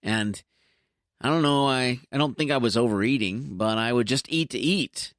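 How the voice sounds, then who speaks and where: A man's voice: medium pitch, normal speed, fairly bright tone, no echo, studio quality. A man hosting his own podcast, talking casually in a chatty, self-deprecating way with joking asides. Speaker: podcast host. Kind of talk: casual solo podcast monologue.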